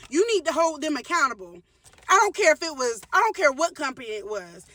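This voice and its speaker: A woman vlogger talks straight to her viewers in a heated storytime rant. Her voice sits high and rings bright. She hammers her points by repeating them and often restarts her sentences. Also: lively intonation, a little fast, no room sound, recorded from a distance. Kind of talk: casual storytime rant to camera.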